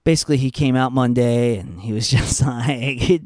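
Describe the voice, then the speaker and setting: A man's voice: medium pitch, normal speed, few pauses, a little mellow, no echo, clean studio sound. A young man giving casual, profane, rambling opinions on wrestling storylines, full of fillers and asides. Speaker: wrestling commentary podcaster.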